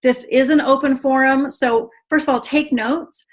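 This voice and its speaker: Woman, excitable, chatty, higher voice, video call. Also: normal speed. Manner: chatty and excitable, says "you guys" a lot. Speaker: team trainer. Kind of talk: online video call training.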